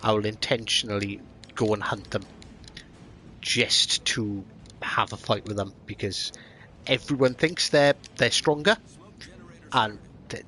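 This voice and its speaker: A man's voice: fairly low pitch, bright, forceful tone, a little hiss or hum. A middle-aged man hosting a gaming voice chat, confident but stumbling through restarts. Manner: slow, repetitive restarts, confident. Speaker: channel host, gamer. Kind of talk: casual voice chat while gaming.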